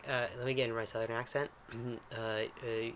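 A man serving as game master, narrating with loose, rambling asides and self-mocking jokes. His voice sits at a middling pitch, with faint background noise. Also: level tone, normal speed, a bit bright. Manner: rambling, self-deprecating, joking. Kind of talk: tabletop game narration and casual chat.

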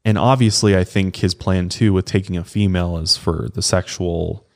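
Low-voiced man casually retelling a case. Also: fairly even intonation, normal speed, vocal fry, darkish tone. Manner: casual, conversational retelling with acted quotes. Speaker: podcast co-host. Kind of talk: casual true crime storytelling.

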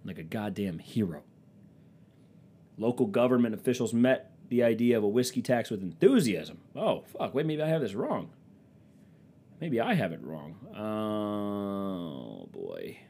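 A young man chatting casually and comically as a podcast host, rambling and swearing, with quick dips into silly voices. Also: medium pitch, big pitch swings, warm tone, slightly rough. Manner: rambling, profane, slips into silly quoted voices. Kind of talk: casual comedic chat.

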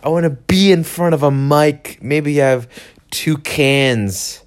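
Slow and somewhat high-voiced, a young man hosts his podcast solo, rambling through a sarcastic, irritable rant.

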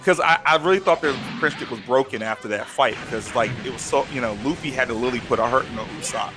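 A man's voice: mid-range voice, quick pace, music in the background. A man co-hosting a podcast, chatting casually and retelling stories with lots of fillers, choked up and near tears. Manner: animated storytelling with many fillers. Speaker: podcast co-host. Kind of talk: casual chat.

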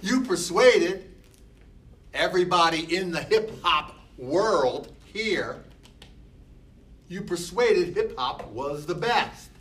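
A man's voice: high-pitched, animated, slow, pauses often, fairly bright tone. An older man teaching a class, speaking emphatically and repeating short phrases for effect. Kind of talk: classroom lecture. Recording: distant mic with faint background noise.

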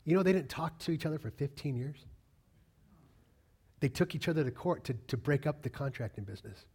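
A middle-aged pastor preaches with a fairly high voice, pressing his points hard. He repeats key lines for weight and throws questions out to the congregation as he goes. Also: animated, brisk, a little mellow, slightly rough. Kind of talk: sermon.

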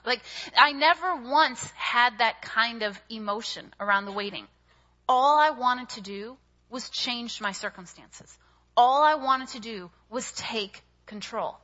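A young woman giving a sermon, telling a personal story in an animated, chatty way with many fillers. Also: fairly high pitch, unhurried. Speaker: speaker at a church service. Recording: dull audio with long hall reverb.

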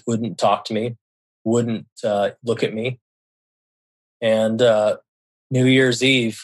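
Man telling a story in halting speech. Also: mid-range voice. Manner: halting, repeats words and restarts sentences; quotes others in a raised voice and drops very quiet for soothing lines. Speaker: guest telling a personal story. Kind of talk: casual spoken storytelling.

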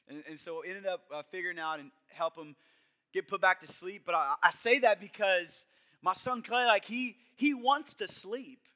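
A young adult man preaching a sermon, telling a personal story with hushed asides and loud emphatic bursts. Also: sits high, a little fast. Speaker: pastor.

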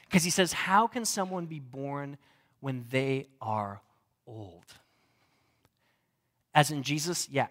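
Higher-voiced young male pastor, conversational. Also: a bit bright. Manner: conversational and humorous, varied delivery. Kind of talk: sermon.

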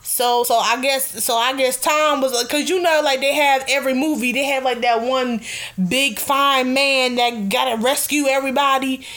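A young woman hosting a casual radio show, chatting in an animated, excitable way and laughing often. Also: high voice, normal speed, soft background music. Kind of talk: casual chat.

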